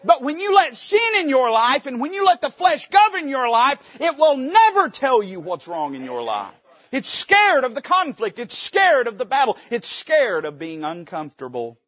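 A middle-aged man, a pastor preaching a sermon from the pulpit, swinging from loud, rising climaxes to hushed, low lines. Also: dry recording, muffled recording. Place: church sanctuary.

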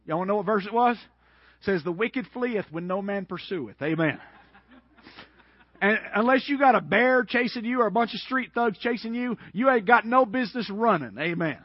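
Male preacher, folksy and emphatic, very high voice, dull dry recording. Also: lively intonation, normal speed, no room sound. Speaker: Baptist preacher. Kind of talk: sermon.

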